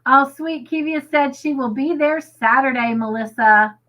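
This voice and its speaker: A woman co-hosting a crochet livestream, gushing excitedly and reading viewer comments aloud. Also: high voice, measured pace, low-quality recording. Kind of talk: casual live chat, reading comments.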